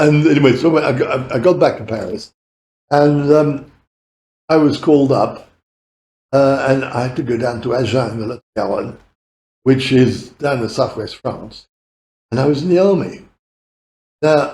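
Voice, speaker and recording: A man's voice: mid-range voice, darkish tone, echoey room, slight background noise. A man in his eighties with a British accent, telling long rambling stories as a podcast guest, laughing often and swearing casually. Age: 80s. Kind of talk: rambling anecdotal storytelling.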